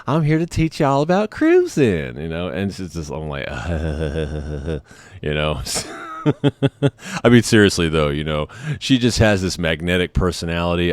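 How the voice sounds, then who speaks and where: A man's voice: low voice, darkish tone, clean tone, dry recording. A man telling personal stories in a laid-back, rambling way, often saying "man" and "I mean". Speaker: vlogger. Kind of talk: casual storytelling.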